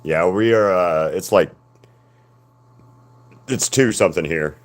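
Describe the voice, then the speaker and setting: A man's voice: low-pitched, takes it slowly. A man chatting casually on a live painting stream, rambling with many fillers and restarts.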